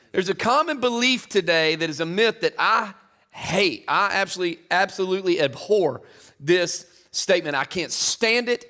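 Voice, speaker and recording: Conversational preacher, man, fairly high voice. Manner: conversational preaching that builds to loud, high-pitched emphasis. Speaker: pastor. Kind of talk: sermon. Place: church auditorium.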